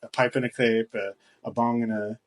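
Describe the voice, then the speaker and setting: A man's voice: mid-range voice, little pitch movement, normal speed. Guy cohosting a chill podcast, jokey, swears a lot, laughs easy. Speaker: podcast co-host. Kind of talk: casual chat.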